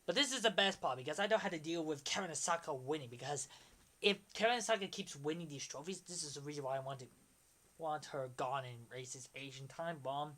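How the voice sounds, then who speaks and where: Young male streamer, 20s, bright rambling excitable delivery, casual commentary. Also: fairly high pitch, brisk.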